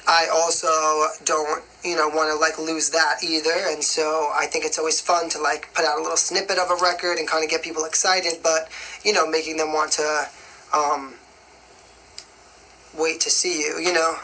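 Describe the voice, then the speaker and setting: Young woman singer, bright voice, chatty phone live-stream Q&A, rambling, faint background noise. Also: low-pitched, level tone, moderate pace, poor audio. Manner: chatty and rambling, full of "like" and "you know". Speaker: singer answering fan questions.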